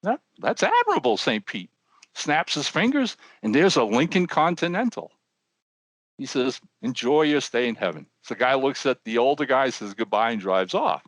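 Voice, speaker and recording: Lively older man telling a joke. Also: medium pitch, moderate pace, no echo. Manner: animated joke-telling with voiced characters. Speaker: podcast co-host. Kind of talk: telling a joke, casual chat.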